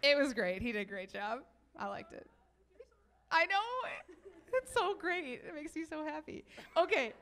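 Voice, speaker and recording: A young woman giving a talk at a youth event, telling stories in a chatty, animated way and taking audience questions. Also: high voice, normal speed, a little hiss or hum. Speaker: speaker.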